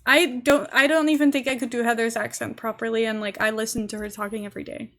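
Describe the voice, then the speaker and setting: Young posh english girl rambling on stream, giggly, a bit high-pitched. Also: level tone, fast, fairly bright tone. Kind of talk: casual live-stream chat while gaming.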